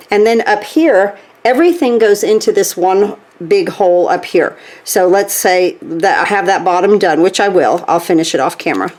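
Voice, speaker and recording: A woman's voice: medium pitch, darkish tone. A woman demonstrating a stitching craft step by step, chatty, checking in with "okay?" as she works. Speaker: craft tutorial host.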